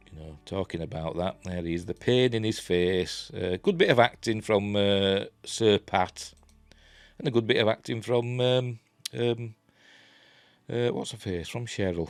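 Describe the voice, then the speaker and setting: Deep-voiced Yorkshire man rambling casually. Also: no room sound. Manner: rambling, full of "you know" and "um" fillers. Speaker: TV episode reviewer. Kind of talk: casual spoken review.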